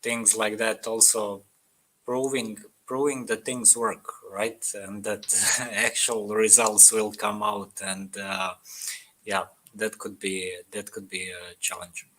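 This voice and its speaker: A man chats on an online panel in a slightly low voice, easygoing and prone to trailing off with a light laugh. He comes through a video call. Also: level tone, slow pace, bright, forceful tone, rough recording. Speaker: panel speaker.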